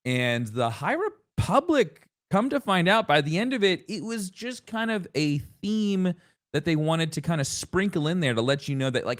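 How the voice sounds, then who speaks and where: Animated man rambling about a game. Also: a little high, normal speed. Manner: animated, rambling with frequent restarts. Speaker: podcast co-host. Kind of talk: casual gaming discussion.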